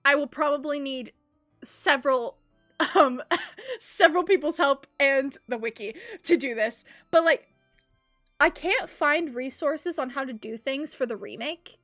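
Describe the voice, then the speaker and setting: Woman, young adult, game streamer, high voice, excitable, giggly, casual chatter. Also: measured pace, faint music behind. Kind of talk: casual live gameplay commentary.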